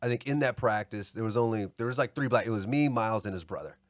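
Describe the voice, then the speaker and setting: A man co-hosting a podcast, telling a story in casual chat and acting out yelled quotes with lots of laughter. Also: lowish voice, quick pace, no room sound, clean studio sound. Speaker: podcast co-host.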